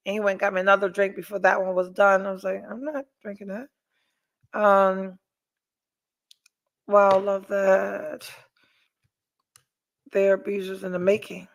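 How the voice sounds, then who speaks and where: Blunt, profane woman podcast host. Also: medium pitch. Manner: blunt, profane, animated storytelling. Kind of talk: casual chat, reading live comments.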